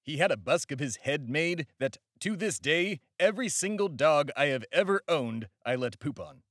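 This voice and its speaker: A man's voice: on the high side, animated, moderate pace, fairly bright tone, no room sound, studio quality. A man hosting a satirical comedy podcast in a pompous, blustering character voice.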